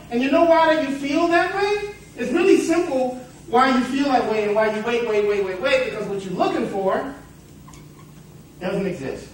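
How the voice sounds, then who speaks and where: Guy with a high voice telling a story at a seminar, kinda rambly, mic far off in a big echoey room, faint hiss. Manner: rambling storyteller, self-interrupting, playful asides. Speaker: seminar speaker. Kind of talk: motivational talk with a told parable. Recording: echoey hall, picked up from afar.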